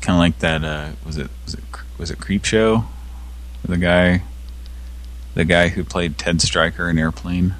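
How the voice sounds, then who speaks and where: A man's voice: sits low, steady tone, measured pace, a bit bright. A man co-hosting a casual comedy show, rambling and giggling through his jokes. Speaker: podcast co-host.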